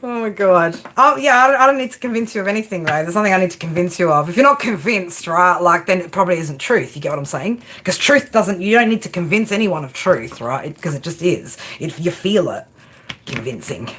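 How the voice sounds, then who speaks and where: Woman, tarot streamer, casual and crude, animated pitch, noisy home mic. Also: fairly quick. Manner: casual, profane, laughs often, talks back to chat. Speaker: tarot reader. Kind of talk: live stream tarot reading, chatting with viewers.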